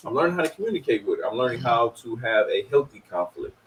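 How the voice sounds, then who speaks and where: A man's voice: mid-range voice, very animated, brisk. A young married man talking candidly and reflectively about conflict with his wife in a casual podcast chat. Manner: candid, reflective, laughs often. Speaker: guest. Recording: somewhat distant mic, faint noise.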